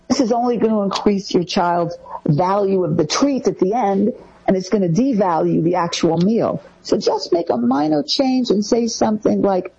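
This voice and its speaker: A woman talks through parenting advice in a casual co-host manner. Her voice is husky and her pitch swings widely. The recording sounds dull and lo-fi. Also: normal speed. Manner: lively, acts out quoted parent lines in a higher voice.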